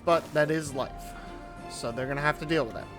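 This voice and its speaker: A man giving casual commentary on his own gameplay, thinking aloud as he builds in a relaxed way. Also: on the high side, moderate pace, over music. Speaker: gaming YouTuber. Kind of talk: casual let's-play commentary.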